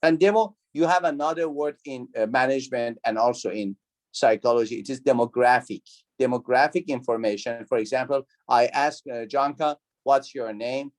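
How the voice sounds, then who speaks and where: A man's voice: mid-range voice, normal speed. Lecturer quizzing his class. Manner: non-native phrasing, repeats key words, asks the class questions. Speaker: university lecturer. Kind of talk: online lecture with student questions. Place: video call.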